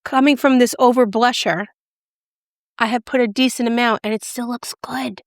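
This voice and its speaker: A woman's voice: fairly high pitch, normal speed, no room sound. Bubbly woman reviewing makeup, dry sound. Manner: bubbly, gushing, excitable; drops to a whisper when excited. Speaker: beauty vlogger. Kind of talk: casual product review and demo.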